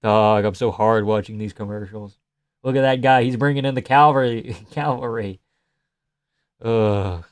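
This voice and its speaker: A man's voice: fairly low pitch, moderate pace, clean tone, no echo. A young man from Canada chatting casually on a livestream, reading the chat aloud, cursing a lot and making dry jokes. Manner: profane, sardonic, reads chat aloud. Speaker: livestream host.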